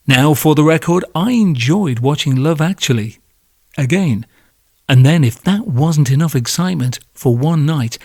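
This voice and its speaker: A man's voice: a little high, a little mellow, no echo, studio quality. A man hosting a podcast, delivering a sarcastic comedic monologue that builds into sweary rants. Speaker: podcast host.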